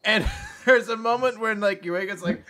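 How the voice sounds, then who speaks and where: A man co-hosting a casual manga recap podcast, acting out the characters' lines in quick voices and swearing freely. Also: high voice, pushed and bright, a little hiss or hum. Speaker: podcast co-host.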